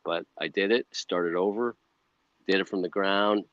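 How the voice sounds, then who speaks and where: Deep voiced guy telling his story, rambly, lots of you know, dull dry sound. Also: a little slow, no echo. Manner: rambling, animated, full of "you know" asides. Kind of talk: casual storytelling interview.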